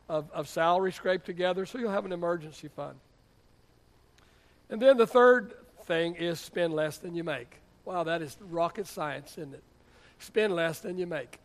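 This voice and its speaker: A middle-aged man preaching a sermon as pastor, emphatic, with rhetorical questions and playful asides. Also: high-pitched.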